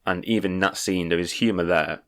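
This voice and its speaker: A man co-hosts a casual podcast, chatting about a film while often stammering, repeating words, and laughing between points. His voice is low-pitched and fairly bright, with fairly even intonation at a normal speed.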